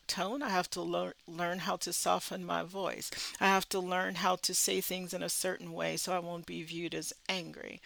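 Earnest woman with gravelly edge. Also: mid-range voice, fairly bright tone, rough recording. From Southern United States. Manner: earnest and emphatic. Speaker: social work educator, guest. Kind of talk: conversational interview.

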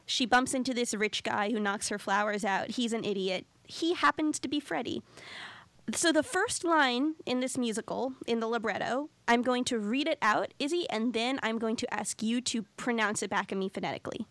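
A woman co-hosting a casual podcast, chatty and animated, her voice sitting a bit high. The sound is close and very dry. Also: moderate pace, no echo. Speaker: podcast co-host.

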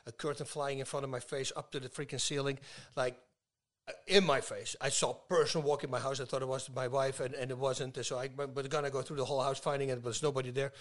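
A man's voice: mid-range voice, flat delivery, quick pace, a bit bright. A middle-aged man speaking as a guest in a casual conversation, telling stories with emphasis. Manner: emphatic, storytelling.

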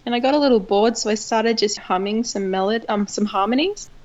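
A woman guest from Australia, a singer telling her story in an interview, animated and laughing often. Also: fairly high pitch, fairly quick, dull audio. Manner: animated, laughs often, acts out quoted voices.

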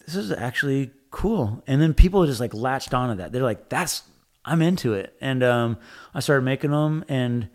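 A man's voice: medium pitch, animated, moderate pace. A man talking casually in an interview, rambling with many fillers and some swearing, acting out what he and others said. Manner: rambling, frequent fillers and profanity, acts out his own quotes. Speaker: tattoo machine builder, guest.

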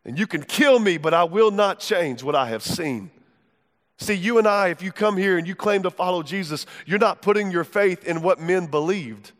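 Male pastor with a high voice, fervent conversational sermon, big reverberant church hall. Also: normal speed. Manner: fervent, conversational preaching with direct questions to the crowd.

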